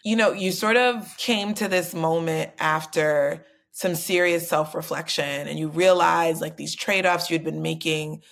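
A woman hosts a podcast in a relaxed, conversational way, and her voice is quite low. She tends to ask long, meandering questions. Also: unhurried, creaky, few pauses. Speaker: podcast host. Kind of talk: casual podcast interview.

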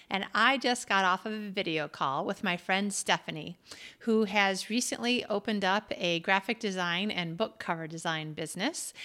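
A woman's voice: mid-range voice, bright, forceful tone. A woman from the United States talking casually in a solo monologue, chatty and self-deprecating, laughing often. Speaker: podcast host and author.

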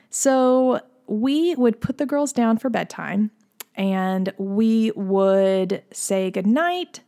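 A woman's voice: mid-range voice, a little mellow. Chatty effusive woman podcast host. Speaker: podcast host, pediatric sleep consultant. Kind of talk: casual podcast monologue.

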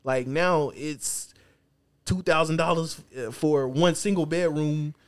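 A man's voice: fairly high pitch, unhurried, dry recording. Brief: male podcast co-host, blunt opinions, laid-back slang, dry close mic. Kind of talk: casual podcast banter.

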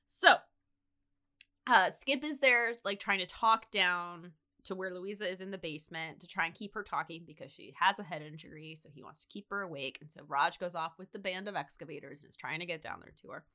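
A woman's voice: medium pitch, fairly quick. A woman co-hosting a podcast, casually retelling a TV episode and acting out the characters as she goes. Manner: animated storyteller, acts out characters. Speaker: podcast co-host.

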